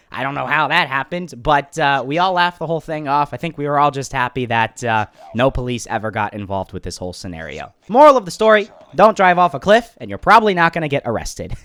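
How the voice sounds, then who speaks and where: Excitable man telling a storytime vlog. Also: mid-range voice, a little fast, clear, resonant tone, dry recording. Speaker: YouTuber.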